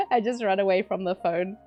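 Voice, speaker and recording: A chatty woman streams a game and talks with her viewers, tossing in fillers and laughing often. Her pitch sits in a middle range. Faint game music plays underneath. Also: very animated, unhurried, highs cut off. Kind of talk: casual chat while gaming.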